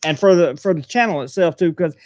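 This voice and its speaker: A man's voice: fairly high pitch, brisk, darkish tone, dry recording. Laid-back man on a live stream. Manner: laid-back, agreeable, lots of fillers. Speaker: channel host. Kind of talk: casual live-stream chat. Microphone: laptop setup on a video stream.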